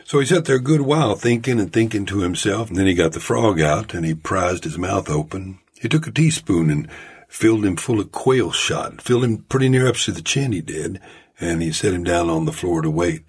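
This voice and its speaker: A man's voice: low voice, husky. A man voicing a rambling old storyteller from a mining camp, with a folksy, drawling manner. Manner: folksy drawling tall-tale telling.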